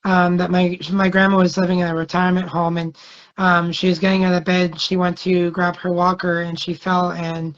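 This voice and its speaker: A man's voice: high voice, monotone, normal speed, fairly bright tone. A man, a guest singer, telling long stories in a casual interview, rambling and hesitant with many fillers. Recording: dull lo-fi sound.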